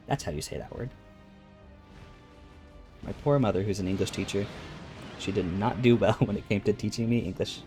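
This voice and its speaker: A male streamer gives casual let's-play commentary in a lowish voice. He chats, thinks out loud and reads game dialogue while faint game music plays behind him. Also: moderate pace, long pauses. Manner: chatty, muses aloud and reads game lines.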